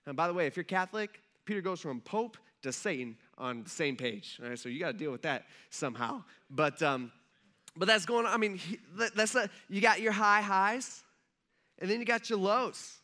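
A male pastor in his thirties preaching a relaxed, conversational sermon. He tells stories with animation and fills his speech with casual fillers. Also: high-pitched, normal speed. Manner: animated storyteller, acts out quotes, many fillers like "like".

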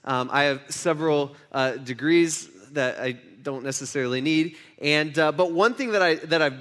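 A man's voice: a little high, moderate pace, a bit bright. A man giving a casual, chatty sermon, telling a story and checking in with his audience. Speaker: pastor.

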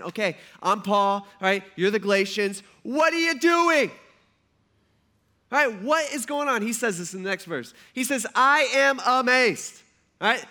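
A man preaching a sermon to his congregation, animated and joking, often acting out the people he describes. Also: on the high side. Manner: animated, joking, acts out voices. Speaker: pastor.

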